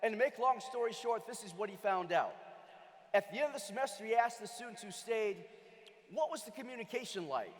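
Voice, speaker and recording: A man delivering a motivational keynote with lots of energy, often rising to a shout as he questions the crowd. His voice is very high. Long hall reverb trails each phrase. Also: brisk. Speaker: keynote speaker. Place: large convention hall.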